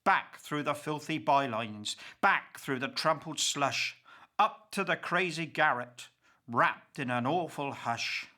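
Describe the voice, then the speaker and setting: A man reciting dramatic verse in the role of an old grieving pauper, slow and impassioned. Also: fairly high pitch, pushed and bright. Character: old grieving male pauper, bitter and accusing.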